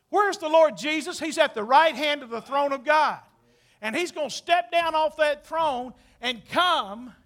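A male preacher with a very high, sharp voice delivers a lively sermon. He jokes with the congregation in quiet asides, then builds to emphatic, shouted declarations. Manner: emphatic, swings between soft asides and shouted bursts.

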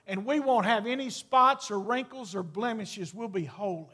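A man's voice: high voice, animated, measured pace, few pauses, pushed and bright, breathy edge. A middle-aged man preaching a sermon as pastor, earnest and folksy, drawing out key words for emphasis. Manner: folksy, talks straight to the congregation.

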